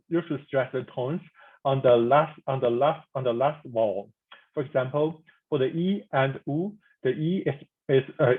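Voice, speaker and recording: A man teaching a pinyin pronunciation lesson, speaking haltingly with frequent restarts and repeated demonstration sounds. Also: medium pitch, slightly rough, phone-quality sound. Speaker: language instructor.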